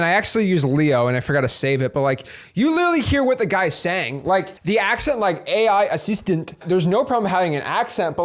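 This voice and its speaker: Energetic salesy man demoing software. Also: high voice. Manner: energetic, salesy, loose with fillers like "like". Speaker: software demo host. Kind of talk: casual screen-share tutorial.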